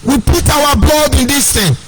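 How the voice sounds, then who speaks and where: A man's voice: very high-pitched, unhurried. A Nigerian man with a Nigerian accent giving an impassioned, sing-song political monologue as an online broadcaster. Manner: sing-song, preachy, repeats phrases.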